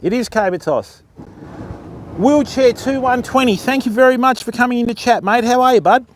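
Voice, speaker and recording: An Australian man with a notably high voice hosts a casual fishing livestream outdoors on a beach. He chats to the viewers as he works, greeting them by name. Faint outdoor ambience sits behind him. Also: normal speed, a little hiss or hum. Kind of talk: live-stream chat while fishing.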